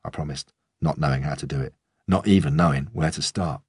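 A man narrating an audiobook in a measured, even manner. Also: very deep voice, slightly rough, dry recording, studio quality. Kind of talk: scripted narration.

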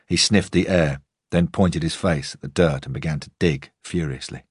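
An audiobook narrator with a very low, husky voice reads a first-person novel in a measured, understated way. The recording is close and dry, with no echo.

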